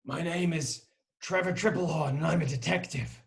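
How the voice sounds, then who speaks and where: A man's voice: a little high, moderate pace, vocal fry. A man playing a bumbling, blunt detective in a live improv comedy. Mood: bossy. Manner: bossy and blunt. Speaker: improv performer.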